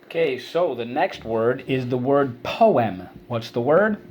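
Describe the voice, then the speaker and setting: A man teaching a spelling lesson, encouraging and sounding out syllables slowly. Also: mid-range voice, expressive, a little mellow.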